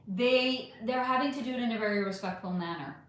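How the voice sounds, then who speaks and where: A woman's voice: fairly high pitch, brisk. A woman hosting a casual livestream, chatting animatedly and answering viewer comments one by one. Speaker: livestream host reading chat. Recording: echoey room.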